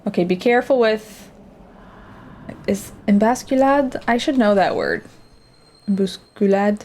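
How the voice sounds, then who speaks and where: A woman's voice: medium pitch, darkish tone, slight background noise. A woman streamer chatting casually and reacting aloud as she plays a game. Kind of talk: casual let's-play commentary.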